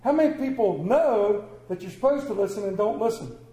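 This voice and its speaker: A man's voice: sits high, lively intonation, brisk, warm tone. A man preaching a sermon, telling folksy, exaggerated stories in a church. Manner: folksy storytelling with comic exaggeration. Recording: echoey room.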